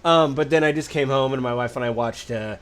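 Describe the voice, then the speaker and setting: A man co-hosting a casual political podcast, rambling quickly and acting out quotes in other voices. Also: medium pitch, clean tone. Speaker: podcast co-host. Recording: faint background noise.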